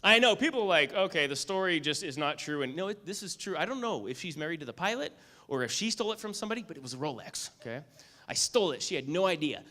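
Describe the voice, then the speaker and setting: Man, motivational speaker, bright tone, animated storytelling, frequent audience check-ins. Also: a little high, fast talker. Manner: animated storyteller, acts out lines, asks "okay?" and "right?" often. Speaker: keynote speaker and magician. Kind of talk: motivational keynote speech with a story.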